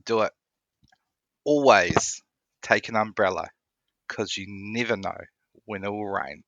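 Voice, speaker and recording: A man's voice: on the low side, a little slow, no room sound, highs cut off. A man with a New Zealand accent, a podcast guest telling a personal story and acting out his reactions. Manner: animated storyteller, acts out his own reactions. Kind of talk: storytelling interview.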